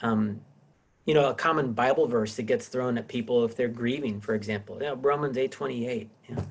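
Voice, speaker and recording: A man's voice: medium pitch, animated, a little fast, slightly rough. A middle-aged man teaching a casual class over a video call, rambling with many restarts. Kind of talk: casual online class lecture.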